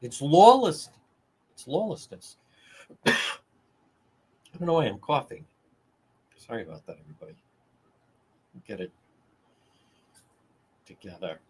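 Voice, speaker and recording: Husky, lively talk radio man. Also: mid-range voice, a little slow, long pauses. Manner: rambling, repeats phrases for emphasis. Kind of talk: live talk radio livestream.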